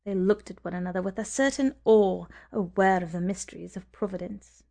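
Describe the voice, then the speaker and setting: Dark, mellow, and edged with gravelly fry, a woman's middle-pitched voice narrates a story for an audiobook. She speaks in a soft, measured way, now and then dropping nearly to a whisper.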